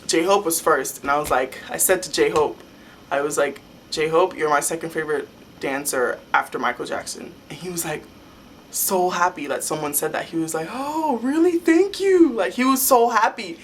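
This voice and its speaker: Rambling, excitable young woman vlogger. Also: low voice, normal speed, a little hiss or hum. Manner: rambling and excitable, many "like" fillers. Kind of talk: casual fan storytelling.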